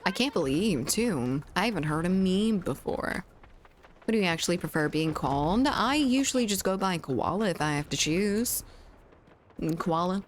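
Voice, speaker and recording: A woman's voice: on the low side, expressive, moderate pace, a little hiss or hum. A woman from the southern United States with a mild Southern accent, chatting casually with her chat while streaming a game and often laughing.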